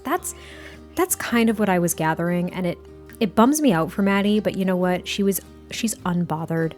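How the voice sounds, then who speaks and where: A woman giving casual gameplay commentary as a YouTuber, chatty, giddy and quick to laugh. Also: on the low side, a little mellow, soft background music.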